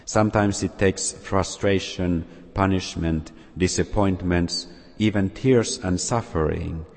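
A man preaching a sermon to children, speaking slowly and gently. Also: low-pitched, steady tone. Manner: slow, gentle, addressing children. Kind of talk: sermon with story. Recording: long hall reverb.

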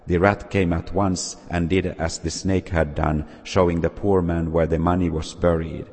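A man reading a folk tale aloud in a slow, measured way with small slips, husky voice. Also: deep voice, level tone, darkish tone. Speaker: storyteller. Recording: long reverb.

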